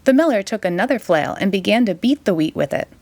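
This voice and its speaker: A woman reading a children's picture book aloud in an expressive, sing-song way. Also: medium pitch, fast, no echo. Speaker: storytime reader.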